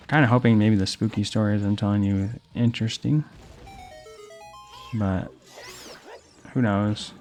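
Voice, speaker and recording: Gravelly low-voiced man rambling over gameplay. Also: a little mellow. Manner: rambling storytelling while playing. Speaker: gaming host. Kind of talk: casual let's play commentary.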